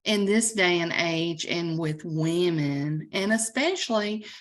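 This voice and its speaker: A woman with a Southern US accent from Alabama, chatting as a coauthor and preacher on a video call, telling stories in an animated way with laughs. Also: fairly low pitch, takes it slowly. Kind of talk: casual chat on a video call.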